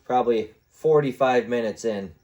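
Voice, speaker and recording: A man's voice: medium pitch, moderate pace, darkish tone, highs cut off. A man hosting his own podcast, telling rambling stories in a casual monologue and now and then slipping into little voices. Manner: rambling storyteller who acts out little voices and sound effects. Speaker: podcast host.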